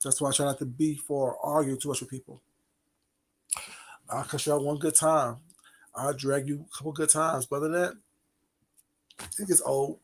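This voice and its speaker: Gravelly, gossipy man on a livestream. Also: on the high side, steady tone, normal speed, long pauses. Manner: gossipy, teasing and laughing often. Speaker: livestream host talking to chat. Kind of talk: casual late-night livestream gossip.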